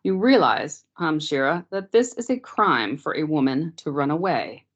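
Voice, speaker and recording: A woman's voice: low-pitched, lively intonation, moderate pace. A woman reading aloud, voicing a polite but grave, self-important male police officer in his thirties, on dull lo-fi meeting audio.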